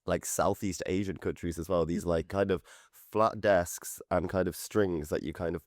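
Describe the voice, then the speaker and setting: Low-voiced man co-hosting a podcast. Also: moderate pace, no echo, studio quality. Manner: relaxed and thoughtful, searching for words. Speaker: podcast co-host. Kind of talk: casual chat.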